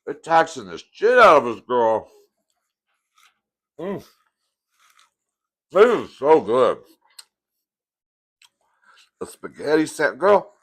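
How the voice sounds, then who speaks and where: A man chats casually through a meal, campy and familiar, calling everyone "girl." His pitch sits mid-range for a man but swoops freely up and down. He trails off, laughs, and picks the thread back up between bites. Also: big pitch swings, slow pace, long pauses, a bit bright. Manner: chatty and campy, calls viewers "girl", eats between sentences. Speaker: mukbang host. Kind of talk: casual eating-show chat to camera.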